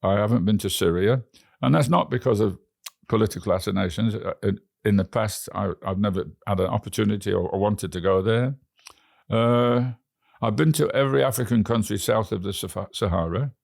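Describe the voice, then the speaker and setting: A man's voice: lowish voice, fairly quick, gravelly, no echo, clean studio sound. A man with an English accent, a guest telling rambling travel stories in an interview, often restarting his words. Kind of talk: anecdotal storytelling.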